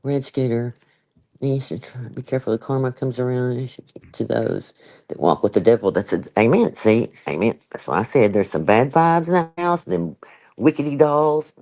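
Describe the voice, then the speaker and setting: An older woman hosts a casual live stream, chatty and emphatic, laughing often and drifting into frequent asides. Her voice is rumbling low with a dark tone at normal speed, on a low-quality recording.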